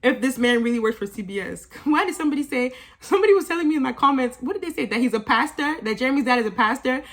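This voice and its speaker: A woman's voice: sits high, lively intonation, fast talker. Sassy, chatty young woman recapping TV. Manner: chatty and sassy, addresses viewers as y'all, laughs often. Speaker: reality TV recap YouTuber. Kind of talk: casual show-recap vlog.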